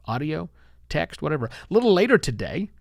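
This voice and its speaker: A man hosting a live-streamed solo podcast, lively and chatty, with self-deprecating asides. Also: on the high side, brisk, creaky, dry recording, clean studio sound. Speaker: podcast host.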